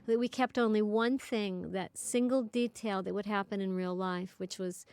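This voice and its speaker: A woman's voice: medium pitch, steady tone, normal speed, darkish tone, clear, resonant tone. A woman director giving a film commentary, telling anecdotes and laughing often.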